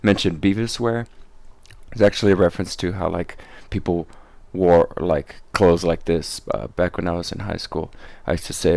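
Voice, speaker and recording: A man's voice: sits low, steady tone, normal speed, creaky, darkish tone, no room sound. A man, the show's creator and host, giving rambling behind-the-scenes commentary full of fillers and restarts.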